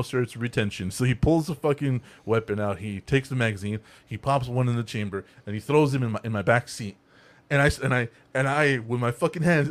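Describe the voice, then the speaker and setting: A young man hosting a casual podcast, telling an animated, profane story and acting out the people in it. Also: mid-range voice. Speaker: podcast host.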